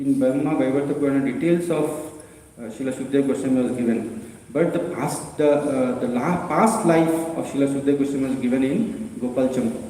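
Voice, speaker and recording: A man giving a devotional scripture class, halting with many fillers and restarts as he tells a story and quotes its voices. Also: medium pitch, dark tone, slight background noise. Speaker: preacher. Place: temple hall. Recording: echoey temple hall.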